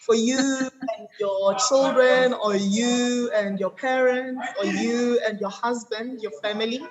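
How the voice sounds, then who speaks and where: A South African woman in her thirties tells her story in an interview. Her voice sits a little high, and she moves through the details at a measured pace, filling the gaps with ums. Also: fairly even intonation, music in the background, low-quality recording. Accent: South African English. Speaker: guest. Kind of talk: interview conversation.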